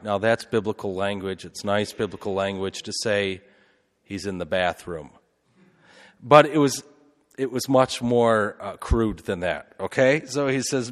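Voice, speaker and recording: Priest preaching in a reverberant church. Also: male voice, lowish voice, unhurried. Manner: lively storytelling with asides and rhetorical questions. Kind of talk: sermon.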